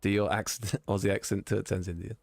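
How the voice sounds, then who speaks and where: Low-voiced chatty British man streaming. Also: little pitch movement, quick pace, gravelly, darkish tone, no echo, soft background music. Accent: British English. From Britain. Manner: chatty, reads chat aloud and laughs easily. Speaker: sim racing streamer. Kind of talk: casual live-stream commentary.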